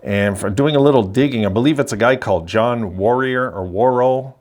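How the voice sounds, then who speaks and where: A man's voice: medium pitch, moderate pace, darkish tone. An older man from Quebec hosting a hockey channel, ranting bluntly with a rambling, opinionated manner. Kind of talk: casual opinion vlog.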